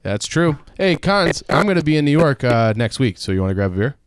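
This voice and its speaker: A man's voice: medium pitch, lively intonation, fast talker. A man co-hosting a podcast, dropping dry, teasing asides into the chat. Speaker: podcast co-host.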